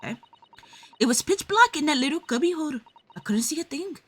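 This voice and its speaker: A woman's voice: lively intonation, brisk, fairly bright tone, slight background noise. A woman voicing a scrappy, defensive young street girl with a put-on Cockney accent while reading game dialogue aloud. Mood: confessing. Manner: high, pushy, clipped street slang.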